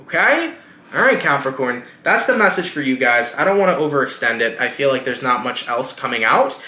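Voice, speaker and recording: A man's voice: medium pitch, expressive, brisk, pushed and bright, reverberant. A man giving a casual tarot reading, speaking reassuringly and straight to the viewer. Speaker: tarot reader.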